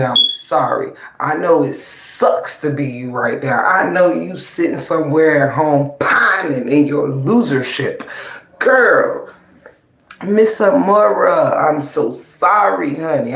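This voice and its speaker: In a gravelly, slightly bright mid-range voice, a livestream commentator rants, mocking and taunting opponents with profanity and gloating. The room adds a noticeable echo.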